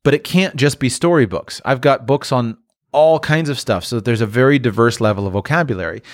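A man's voice: mid-range voice, a little fast, dry recording, studio quality. A man speaking in a casual monologue as a parent, thoughtful, often restarting and trailing off. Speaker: parent talking about language learning.

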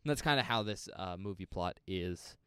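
Low, smooth-voiced man teasing his co-host. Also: moderate pace, dry recording, studio quality. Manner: teasing, animated when making a point. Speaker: podcast co-host. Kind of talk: casual movie chat.

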